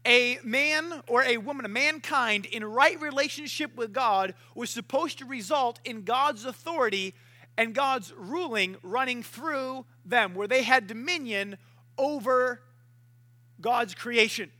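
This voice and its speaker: Man, preacher, chatty storytelling sermon, very high voice, sharp bright tone. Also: a little slow.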